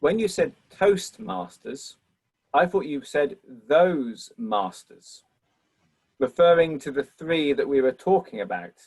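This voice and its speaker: A man's voice: on the high side, lively intonation, a little fast, few pauses, darkish tone, breathy edge. Thoughtful male lecturer, rambling. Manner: thoughtful, rambling with many fillers. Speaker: lecturer answering questions. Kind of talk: reflective Q&A answer.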